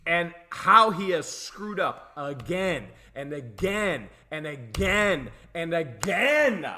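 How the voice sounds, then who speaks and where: A man's voice: a little high, sing-song, slow pace, sharp tone. A man co-hosting a livestream, talking casually with sarcastic, mocking asides. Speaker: co-host of a livestream.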